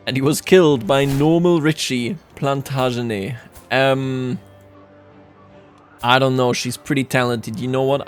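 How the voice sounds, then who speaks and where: A man giving sarcastic, jokey let's-play commentary on a strategy game, often laughing at his own remarks. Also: medium pitch. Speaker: gaming YouTuber.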